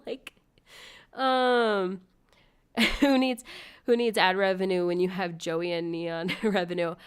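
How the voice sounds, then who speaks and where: A woman's voice: mid-range voice, steady tone, slow, clean tone. A young woman streaming live, chatting with viewers in a rambling, giggly way and thanking donors. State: sick with covid. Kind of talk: casual live-stream chat.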